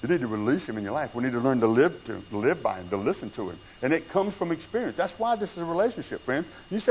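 A male pastor preaching a conversational sermon, swinging between hushed low passages and raised emphatic ones. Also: sing-song, fast talker, hardly any pauses, a little hiss or hum. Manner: conversational preaching with wide swings in pitch and loudness. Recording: dull lo-fi church recording with faint room sound.

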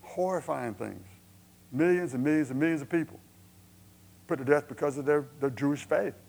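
A man preaching a sermon, telling a Bible story in a conversational way with asides and self-corrections, acting out prayers with rising passion and then dropping quiet. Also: on the high side, normal speed, gravelly. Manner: storytelling, acts out prayers, rises to impassioned pleading then drops quiet.

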